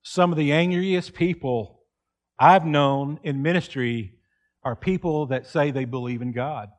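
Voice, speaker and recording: High-voiced earnest preacher. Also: male voice, a little slow. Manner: earnest preaching, acts out quoted pleas loudly. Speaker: pastor. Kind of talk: sermon. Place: church.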